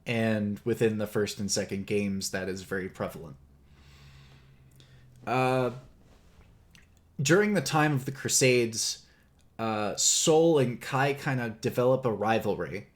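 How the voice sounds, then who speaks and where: A man hosting a live stream, slowly explaining game lore with many fillers and laughs. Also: lowish voice, animated. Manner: slow, rambling, many fillers, laughs often. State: clearing his throat. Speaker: host presenting game lore. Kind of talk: casual livestream lecture.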